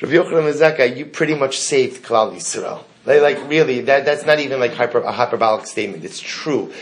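A man's voice: mid-range voice, lively intonation, a little fast, a little hiss or hum. A man teaching a Talmud class to students, chanting the text in Hebrew and explaining it in English. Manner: asks the class questions. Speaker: Torah teacher.

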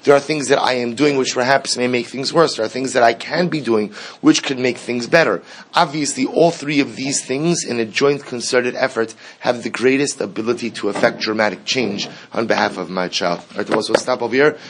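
A man's voice: mid-range voice, normal speed, a little hiss or hum. A man teaching a Torah class in an earnest lecture style, repeating key phrases for emphasis and mixing in Hebrew and Yiddish terms.

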